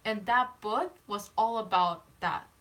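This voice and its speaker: A woman guest on a casual live stream, offering encouragement in a halting, heartfelt way. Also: medium pitch, fairly bright tone.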